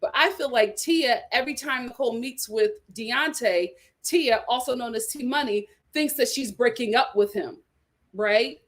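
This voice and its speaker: A woman hosting a reality TV recap, talking in a lively, gossipy way with sudden exclamations and laughter. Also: fairly high pitch, normal speed. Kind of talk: casual recap chat.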